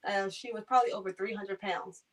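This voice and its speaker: A woman's voice: mid-range voice, a little fast, distant mic, rough recording. A young woman from Maryland, a caregiver, telling her stories in a casual interview and acting out the people in them. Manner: animated, acts out voices in her stories.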